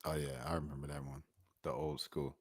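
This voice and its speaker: A man's voice: very deep voice, little pitch movement, fairly quick, background noise. A man reacting to clips on a stream with amused, laughing asides. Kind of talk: live reaction commentary.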